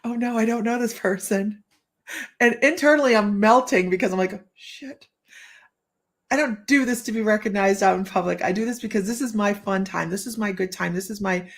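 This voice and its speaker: A woman's voice: mid-range voice, creaky. A woman psychic hosting a live stream from her room at home, chatting casually, telling stories, acting out what people said and laughing often. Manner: chatty storyteller who acts out quotes and laughs often. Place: room at home with the window open.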